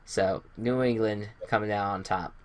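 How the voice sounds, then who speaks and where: A man's voice: on the low side, steady tone, normal speed, dry recording. A man hosting a casual sports podcast, rambling through game recaps with many fillers and restarts. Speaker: podcast host.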